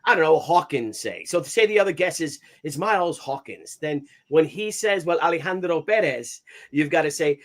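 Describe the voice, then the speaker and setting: A man hosting a casual live stream. He greets viewers by name and chats in a lively way, his pitch jumping all over the place. His voice sits a little high. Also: normal speed, few pauses. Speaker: host of live comics stream.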